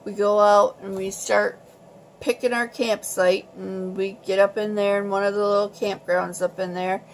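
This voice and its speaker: A woman vlogger telling a story in a casual, animated and exasperated way. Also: mid-range voice, normal speed, a little hiss or hum.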